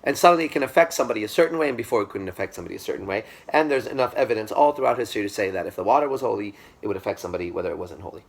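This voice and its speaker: A man's voice: fairly low pitch, lively intonation, very fast, gravelly, few pauses. A man giving a classroom lecture, speaking with emphasis, repeating himself and checking that the class agrees.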